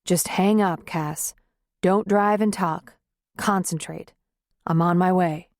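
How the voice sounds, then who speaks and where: A woman voicing a gentle, caring man who speaks softly and soothingly to his upset girlfriend in an audiobook. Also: lowish voice, steady tone, no room sound, studio quality. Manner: soft, soothing, unhurried.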